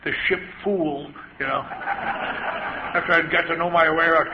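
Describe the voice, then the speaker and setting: A man's voice: on the high side, fairly even intonation, measured pace, long pauses. An older man speaking as an AA speaker to an audience, a wry, self-mocking storyteller who acts out other people's voices. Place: large meeting hall. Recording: dull lo-fi live tape with hiss.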